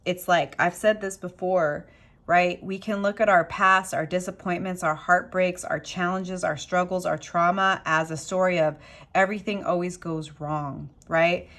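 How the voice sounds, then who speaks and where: A woman's voice: on the low side, fairly even intonation, unhurried, a bit bright. Impassioned woman giving a tarot reading. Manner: impassioned, emphatic, builds with rhetorical questions; repetitive motivational phrasing. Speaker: tarot reader. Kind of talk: tarot card reading to camera.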